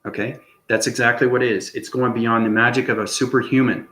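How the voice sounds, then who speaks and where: A man's voice: medium pitch, steady tone, fairly quick, fairly bright tone. A man giving an unscripted spiritual monologue as channel host, rambling and tagging lines with "okay?". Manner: rambling, repeats "okay?" often. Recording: echoey room.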